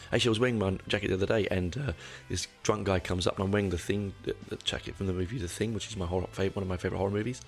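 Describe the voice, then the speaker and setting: Low gravelly man, rambling podcast. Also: steady tone, very fast, few pauses, faint music behind. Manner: rambling, self-correcting and candid, with dry asides. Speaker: podcast host. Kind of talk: casual solo podcast monologue.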